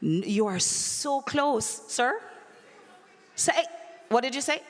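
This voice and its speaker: A woman hosting a quiz at a conference, teasing the crowd in a playful, animated way. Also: sits high, slow pace. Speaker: conference emcee running a quiz. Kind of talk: lively live event hosting. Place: large conference hall. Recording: long echoey hall reverb.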